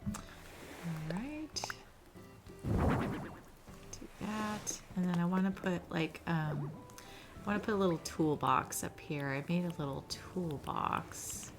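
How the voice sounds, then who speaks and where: A woman's voice: lowish voice, lively intonation, measured pace. Cozy, chatty woman gaming host. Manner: chatty and cozy, often says "little". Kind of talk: casual gameplay commentary. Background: background music.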